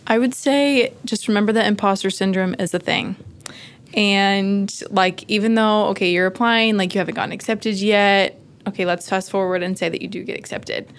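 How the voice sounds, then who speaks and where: A woman's voice: mid-range voice, fairly even intonation, normal speed, slight background noise. A young woman intern speaking animatedly and acting out worried thoughts as she answers.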